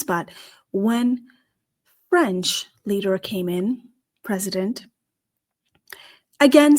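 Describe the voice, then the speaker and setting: Slow, wry woman podcast host with an accent. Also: fairly high pitch. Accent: non-native English accent. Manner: wry, sarcastic. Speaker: podcast host and career strategist. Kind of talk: podcast monologue.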